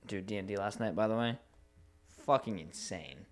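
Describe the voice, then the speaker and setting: Young man, podcast co-host, casual chat, profane, animated storytelling. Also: on the low side, moderate pace, creaky, faint music behind.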